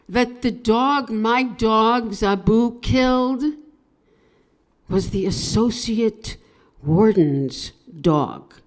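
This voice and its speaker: A woman telling a personal story at an open mic, swinging between hushed and loud with strong emotion. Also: on the high side. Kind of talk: live dramatic storytelling.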